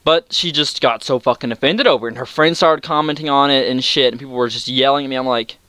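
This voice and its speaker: A young man telling a story in an exasperated, sarcastic rant, swearing freely and breaking into sudden high outbursts. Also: fast talker, pushed and bright, no room sound. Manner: jumps to high-pitched outbursts. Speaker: vlogger. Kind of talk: ranting storytime.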